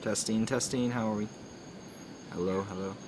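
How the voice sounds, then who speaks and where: A man's voice: fairly low pitch, steady tone, normal speed, noisy background. A man co-hosting a casual livestream, talking casually and fussing over technical problems. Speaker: livestream co-host.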